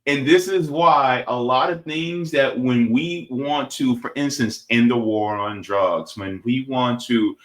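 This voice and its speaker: A man's voice: mid-range voice, takes it slowly, hardly any pauses. A man commenting on a video clip in casual political talk, emphatic and repetitive, tossing in "right?" and "baby".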